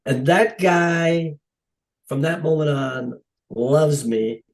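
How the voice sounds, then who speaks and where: A man's voice: fairly high pitch, slow pace, low-quality recording. A middle-aged man, a stunt coordinator, telling stories in a casual podcast interview and acting out the dialogue with animation. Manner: animated, acts out quoted dialogue. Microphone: podcast microphone.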